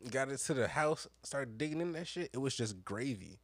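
A young man co-hosting a podcast, telling an animated story in casual, profane slang. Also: medium pitch, a little fast, no room sound. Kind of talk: casual chat.

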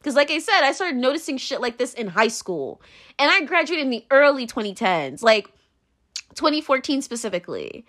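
A woman's voice: high-pitched, big pitch swings, moderate pace, fairly bright tone. A woman in her twenties hosting a solo podcast, rambling and ranting with many fillers and swear words. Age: 20s. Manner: rambling, profane, constant "like" fillers; exasperated, ranting. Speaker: podcast host.

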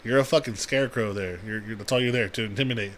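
A man's voice: fairly low pitch, fast, a bit bright. A young man telling a long, profane story on a podcast in casual chat, acting out the people he quotes. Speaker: podcast co-host.

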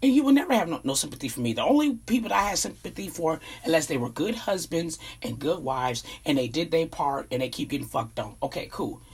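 Blunt woman ranting with husky voice. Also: low-pitched, sing-song, fast talker, few pauses. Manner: blunt, profane, emphatic. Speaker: vlogger giving opinions. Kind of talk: casual commentary rant.

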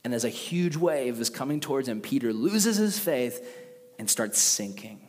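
A man preaching a sermon in a casual, conversational and animated way. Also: mid-range voice, normal speed. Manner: conversational, animated, with acted quotes. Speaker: pastor. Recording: long reverb of a large hall.

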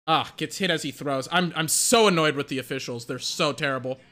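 A man giving live fan commentary on a game, excitable and exasperated, swearing and saying "like" often as he rants at the officials. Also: a little high, a little fast. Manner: excitable, exasperated, profane rant with filler "like".

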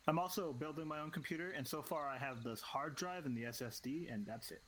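Young male podcast co-host, slightly high voice, crude teasing banter, faint background noise. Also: a little fast, a bit bright. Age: young adult. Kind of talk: casual chat.

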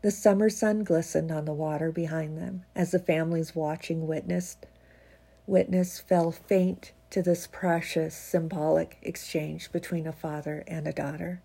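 A woman's voice: low voice, fairly even intonation, unhurried, creaky, breathy edge. A woman with a congested, stuffy voice chats casually, then reads her own reflective piece in an earnest way. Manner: warm, earnest, chuckles often. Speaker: vlogger reading her own writing.

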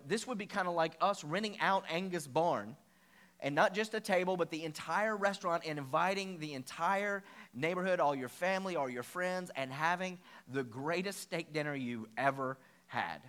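Male pastor, sermon, fairly high voice, animated storytelling. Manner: animated storytelling, acting out quoted lines.

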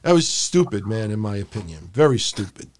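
A man's voice: on the low side, sing-song, fairly quick. A man co-hosting a wrestling podcast, talking casually and profanely, acting out his rants in a raised voice. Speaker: podcast co-host.

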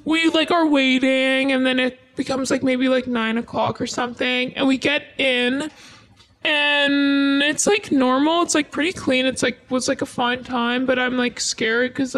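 A woman with a high voice tells a personal story in loose, casual chat. She rambles, filling her sentences with "like" and swearing freely, with guitar music playing clearly behind her. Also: a bit bright.

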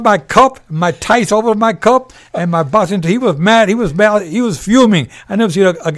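An older man, a former boxer and referee, telling animated stories with laughter in an interview. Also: high-pitched, normal speed, few pauses, a little hiss or hum. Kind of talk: storytelling in a podcast interview.

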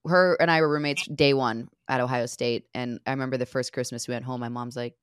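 A woman's voice: very deep voice, steady tone, brisk, clear, resonant tone, no room sound, studio quality. A woman co-hosting a podcast, asking questions in a playful, teasing way during casual chat. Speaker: podcast co-host.

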